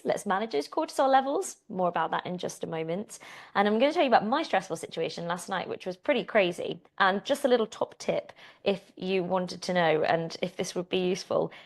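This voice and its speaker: A British woman hosting a fitness Q and A podcast, chatty and animated, telling stories with a laugh. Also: mid-range voice. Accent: British English. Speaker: fitness coach and podcast host. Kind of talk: casual Q and A podcast chat.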